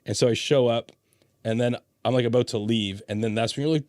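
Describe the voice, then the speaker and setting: A man's voice: medium pitch, fairly even intonation, a little fast, darkish tone, dry recording, clean studio sound. A man hosting a podcast, chatting casually, swearing freely and telling stories with laughter. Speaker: podcast host. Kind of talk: casual chat.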